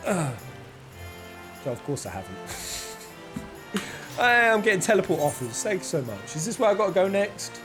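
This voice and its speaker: A man streaming a game, chatting in a lively, self-mocking voice that sits a bit high. His tone swings up and down as he talks to viewers. Game music plays steadily behind him. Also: measured pace, long pauses. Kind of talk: casual gameplay commentary.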